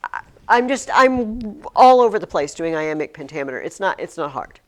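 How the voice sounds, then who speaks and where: In a classroom with curtains on the walls, a recording device picks up a woman teacher giving a lesson. Her voice is fairly low, swings widely in pitch and moves at normal speed, and she talks emphatically while frequently restarting what she's saying.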